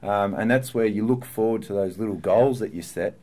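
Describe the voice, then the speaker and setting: Man, 30s, pro footballer guest: lowish voice, candid, thoughtful, halting. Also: darkish tone. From Australia. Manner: earnest, reflective, with frequent fillers and restarts. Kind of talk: candid podcast interview.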